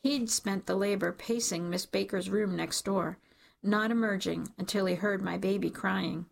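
Woman reading a first-person audiobook, emotional but measured, gravelly voice. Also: medium pitch, fairly even intonation. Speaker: audiobook narrator.

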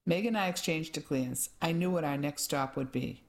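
Low-voiced woman narrating an audiobook. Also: normal speed, few pauses. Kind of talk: first-person audiobook narration.

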